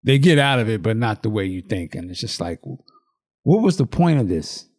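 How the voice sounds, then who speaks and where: His voice is on the low side and moves at normal speed. As a co-host on a laid-back podcast, he vividly retells a film with swearing, acting out the quotes and laughing in an animated way.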